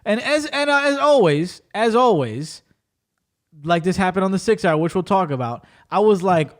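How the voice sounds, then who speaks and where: A man hosts a podcast in a lively, bouncing voice that sits a little high. He tells behind-the-scenes stories and swears freely. The talk is loose, casual banter. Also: normal speed. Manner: animated storyteller, swears freely. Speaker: podcast host.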